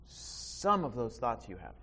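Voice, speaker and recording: A man preaching a sermon in church, animated, with restarts and sudden bursts of loud emphasis. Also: medium pitch, unhurried, slightly rough. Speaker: pastor.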